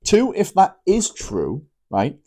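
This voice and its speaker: A man's voice: high-pitched, wildly swooping pitch, takes it slowly, mellow, slightly rough. British man, vlogger ranting straight to camera; loose, blunt and rambling, with lots of restarts. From Britain. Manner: blunt, swears freely. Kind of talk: casual opinion monologue.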